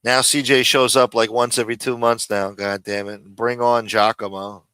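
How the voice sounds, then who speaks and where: A man's voice: medium pitch, steady tone, moderate pace, pushed and bright, smooth, no room sound. A man hosting a live stream in a casual, profane rant, with many fillers, repeated phrases and muttered asides.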